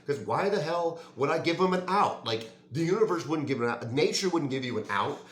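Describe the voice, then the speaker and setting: A man's voice: on the high side, animated, fairly quick, a bit bright, roomy sound. A man ranting casually and heatedly to the camera, swearing and saying "dude" and "like" often. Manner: heated, profane, says "dude" and "like" a lot. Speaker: fitness vlogger.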